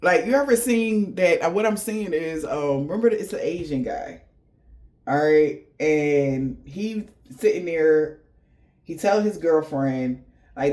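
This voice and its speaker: High-voiced man giving a slangy reading. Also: takes it slowly, a little mellow. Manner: profane, slangy, laughing storyteller. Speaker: tarot reader. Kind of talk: casual spiritual reading.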